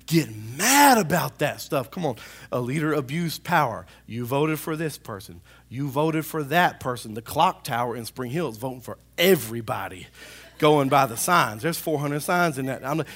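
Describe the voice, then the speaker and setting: Man pastor, emphatic sermon, call-and-response, gravelly voice. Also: mid-range voice, fairly bright tone. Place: church service.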